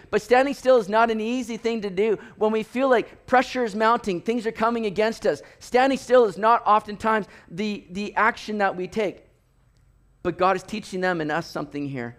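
A man preaching a sermon, telling stories with animated delivery and acting out the voices of people in them. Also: high voice, normal speed. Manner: animated storytelling, acts out voices, rising to near shouts. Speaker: pastor.

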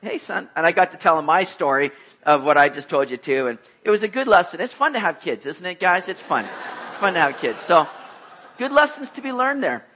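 A middle-aged man preaching a sermon, telling lively personal stories and acting out the voices of the people in them. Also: fairly high pitch, fairly quick. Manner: animated storyteller, acts out voices, laughs at himself. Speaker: pastor.

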